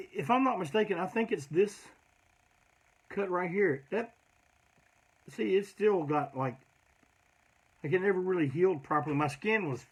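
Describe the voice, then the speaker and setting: Husky-voiced man spinning rambling road stories. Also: high-pitched, fairly bright tone. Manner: rambling, profane, peppered with "man". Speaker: punk band singer telling road stories. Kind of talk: casual storytelling monologue.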